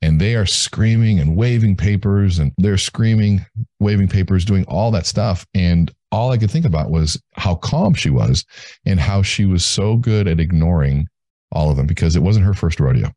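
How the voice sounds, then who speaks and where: Interview guest, male, deep voice, measured and deliberate in telling stories. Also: animated, warm tone, dry recording. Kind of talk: storytelling in a podcast interview.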